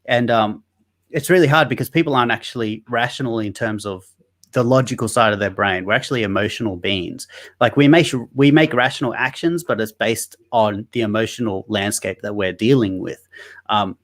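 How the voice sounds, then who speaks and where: Nasal Australian man, low voice. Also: a little fast, fairly bright tone. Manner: joking, rambling, many fillers and restarts. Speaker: guest, online activist. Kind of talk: casual interview over a video call. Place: Sydney.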